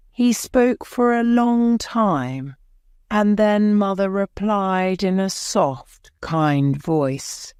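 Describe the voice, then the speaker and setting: A woman narrating a graded-reader story for English learners in a slow, clear reading. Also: medium pitch, a little mellow, no echo, clean studio sound. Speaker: audiobook narrator.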